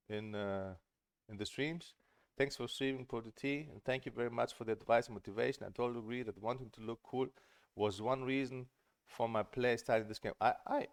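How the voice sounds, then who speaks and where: A middle-aged man coaching on a stream in a casual, earnest and emphatic way, often repeating words when he gets excited. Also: mid-range voice, dry recording, clean studio sound. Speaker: table tennis coach and streamer.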